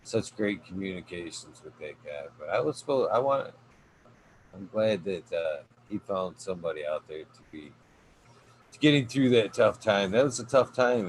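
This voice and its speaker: A man's voice: sits low, lively intonation, moderate pace, a little hiss or hum, poor audio. A man hosting a casual podcast, rambling with lots of fillers as he thanks his guest. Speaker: podcast host.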